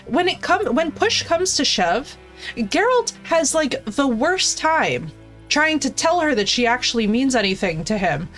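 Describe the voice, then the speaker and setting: High bouncy woman streamer going off at her chat, swears a lot, super animated. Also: unhurried, soft background music. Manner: animated, profane ranting, answers chat. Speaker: game streamer. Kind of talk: casual live-stream commentary.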